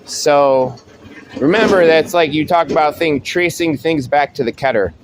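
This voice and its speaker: A man talking casually and at length as host of his own show. He rambles, restarts his sentences and swears freely. His voice sits a bit high for a man, and there is a faint background hiss. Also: normal speed. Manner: rambling, profane, with frequent restarts and fillers. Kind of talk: casual monologue.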